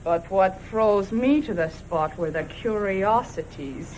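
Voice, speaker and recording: An actress playing a chatty young woman in a 1970s period TV drama, telling a lively story and breaking into laughter. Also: mid-range voice, slow pace, slight background noise, lightly acted, poor audio. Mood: excited. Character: chatty young Irish woman back from a day out.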